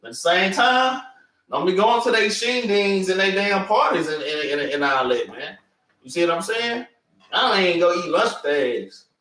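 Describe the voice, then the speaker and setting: A man leading an informal preaching class, animated and street-casual, tagging "man" onto his sentences. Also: sits high, moderate pace, soft background music. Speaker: class teacher. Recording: echoey room, mic far off.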